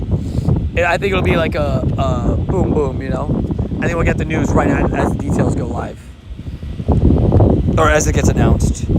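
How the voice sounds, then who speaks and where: A young adult man live-streaming a mobile game outdoors, chatting upbeat and reading viewer comments aloud. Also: a little high. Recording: outdoor wind noise on mic.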